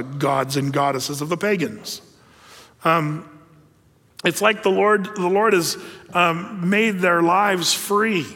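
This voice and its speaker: A man's voice: fairly high pitch, pushed and bright. A man preaching a conversational sermon, with many fillers and restarts. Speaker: pastor. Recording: long hall reverb.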